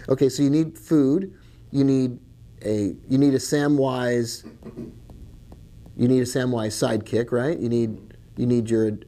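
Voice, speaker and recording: Warm in tone and mid-range in pitch, this man teaches trading in a relaxed video lesson, wandering off on tangents with jokes and asides along the way.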